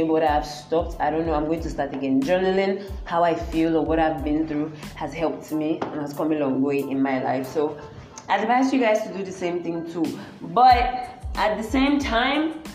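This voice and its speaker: A woman with a Nigerian accent rants to camera with blunt, repetitive emphasis, scolding and advising at once. Her voice sits a little low. The recording is roomy and echoey, with faint music underneath. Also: a little mellow. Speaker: vlogger. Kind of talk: personal advice rant to camera. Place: public place with people around.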